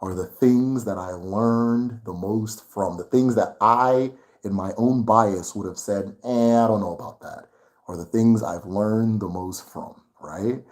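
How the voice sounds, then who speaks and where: A man's voice: lowish voice, measured pace, darkish tone. A man hosting his own channel, talking casually and getting worked up, laughing often as he rants to viewers. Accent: Nigerian English. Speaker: channel host. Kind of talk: casual livestream chat.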